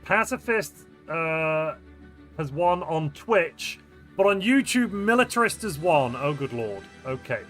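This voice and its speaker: A man's voice: fairly high pitch, animated, slow, a bit bright, soft background music. A man live-streaming a strategy game, casually chatting and joking with viewers as he reads their messages. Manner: chatty, answers viewer chat, playful and jokey. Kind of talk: live-stream chat while gaming.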